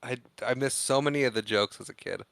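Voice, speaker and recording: Medium in pitch, his voice is gravelly and fairly bright but smooth, with no echo in the recording. The man co-hosts a podcast and meanders through a casual scene-by-scene movie recap, acting out snippets of dialogue along the way.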